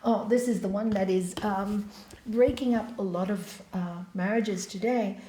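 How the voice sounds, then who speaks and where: A woman giving a spiritual talk as a yoga teacher, telling stories in an animated, emphatic way and acting out the people she quotes. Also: medium pitch, measured pace, a little hiss or hum. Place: hall. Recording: echoey hall.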